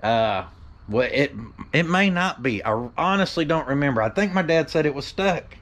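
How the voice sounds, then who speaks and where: A man's voice: on the high side, animated, normal speed, a bit bright. A man hosting a shop vlog outdoors, talking in a joking, folksy way with country slang. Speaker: shop owner and channel host. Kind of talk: casual vlog commentary. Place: outdoors behind a workshop, by a carport.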